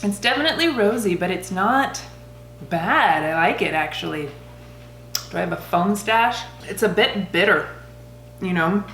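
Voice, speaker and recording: A woman's voice: mid-range voice, expressive, measured pace, fairly bright tone, reverberant, a little hiss or hum. A woman making and reviewing cocktails in a casual vlog, chatting and thinking aloud as she mixes. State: out of breath after shaking.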